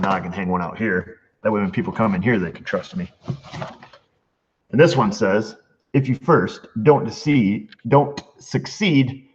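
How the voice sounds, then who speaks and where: A man hosting a casual mail call in his repair shop, joking and reading letters aloud with asides. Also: lowish voice. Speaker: mechanic and channel host. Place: auto repair shop bay. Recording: dull lo-fi sound with faint noise.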